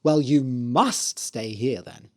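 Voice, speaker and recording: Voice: medium pitch, expressive, takes it slowly. A storyteller voicing the friendly mother of the moon in a fairy tale, speaking in a motherly, inviting way.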